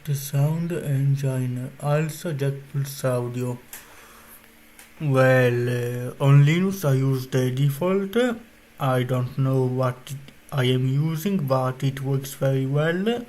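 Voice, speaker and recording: A man's voice: mid-range voice, takes it slowly, darkish tone. A man from Italy with an Italian accent, speaking English as a second language in casual, rambling chat on his stream. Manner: rambling, unpolished non-native phrasing.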